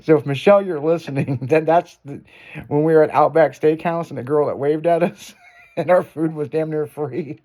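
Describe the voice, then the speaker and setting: A man's voice: on the high side, fairly even intonation, moderate pace, mellow. A man hosting a radio show, spinning a raunchy tale in loose, profane chat. He curses constantly and breaks into laughter as he talks. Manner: profane, laughing through his story. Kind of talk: crude casual storytelling. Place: radio studio.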